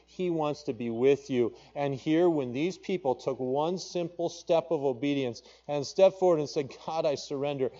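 Quoting scripture in King James language, a Papua New Guinean–accented pastor builds his emphasis through a sermon. He has a mellow, mid-range voice, and the audio is dull.

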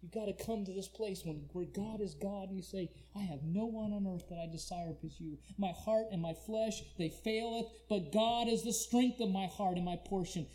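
A man preaching a sermon, swinging between quiet, pleading, drawn-out lines and loud, shouted cries. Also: high voice, a little hiss or hum.

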